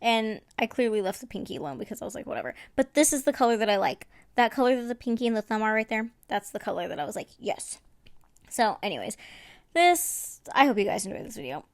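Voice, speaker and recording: A woman's voice: a little high, lively intonation, fast talker, no echo, studio quality. A woman, chatting in a casual voice-over as she walks through her nail art and laughs at her own mistakes.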